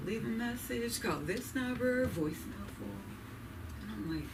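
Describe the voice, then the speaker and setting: A woman's voice: a little high, expressive, unhurried, recorded from a distance. A woman doing a nervous, chatty stand-up set at an open mic, laughing often and asking the crowd questions. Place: comedy club stage. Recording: noisy live room, voice from afar.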